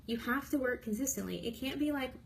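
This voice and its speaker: Bubbly, emphatic high-voiced woman trainer. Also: brisk, gravelly, slight background noise, poor audio. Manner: energetic, emphatic, bubbly and blunt. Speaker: direct sales trainer. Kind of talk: motivational training talk to camera.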